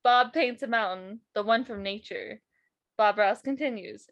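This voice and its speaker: A woman's voice: mid-range voice, measured pace, no echo, lo-fi sound. A woman co-hosting a podcast in casual chat, playful and often laughing as she reads silly scripts aloud. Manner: laughing, playful, apologetic asides. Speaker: podcast co-host.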